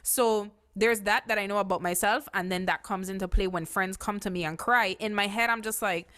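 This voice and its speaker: A woman's voice: medium pitch, fairly even intonation, fairly quick, fairly bright tone. A woman co-hosting a podcast in casual chat, candid and blunt, swearing freely and leaning on fillers. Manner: candid, profane, filler-heavy. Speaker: podcast co-host.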